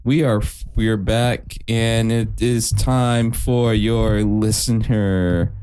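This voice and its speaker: A man hosting a comedy podcast, talking in a slow, laid-back way and reading out the show's housekeeping. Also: lowish voice, fairly even intonation, dark tone, clear, resonant tone. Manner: laid-back, slow, drawn-out host patter. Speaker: podcast host. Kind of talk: casual comedy podcast chat.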